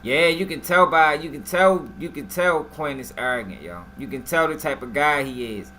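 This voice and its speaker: Casting: male live-stream commentator, higher voice, bright and forceful, slangy and animated, faint noise behind. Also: moderate pace. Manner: slangy, animated, talks straight to the viewers.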